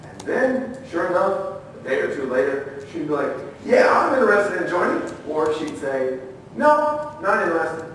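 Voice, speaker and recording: Animated man telling stories in an echoey hall. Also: fairly high pitch, moderate pace, few pauses, slight background noise. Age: middle-aged. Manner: animated storyteller, acts out quotes, asks the audience questions. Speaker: conference speaker, former federal agent. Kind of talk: storytelling training talk. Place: conference room. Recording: echoey room, heard from far off.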